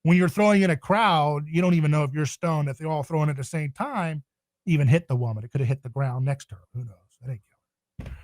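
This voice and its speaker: A man's voice: fairly high pitch, fast talker, a little mellow, no echo. Emphatic man on a podcast. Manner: passionate, emphatic preaching tone. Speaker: podcast guest. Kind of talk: podcast interview.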